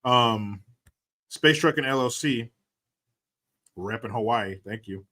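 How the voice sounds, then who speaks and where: A man on a casual livestream, thanking donors and riffing on their messages. His voice is bright and forceful, and he talks bluntly, jokes a lot and swears freely. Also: mid-range voice, takes it slowly. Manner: profane, joking and blunt. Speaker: livestream host. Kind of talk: casual livestream chat reading donations.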